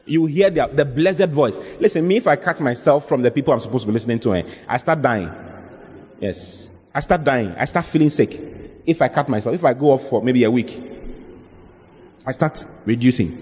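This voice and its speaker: A man's voice: on the high side, a little mellow, slightly rough. A male pastor preaching a sermon, emphatic, repeating his phrases for stress. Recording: long hall reverb.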